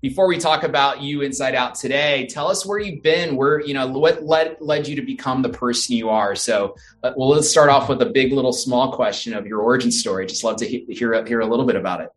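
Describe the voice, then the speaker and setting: A man's voice: mid-range voice, brisk, few pauses. A man hosting a podcast interview, enthusiastic and a little repetitive, laughing along with his guest. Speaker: podcast host.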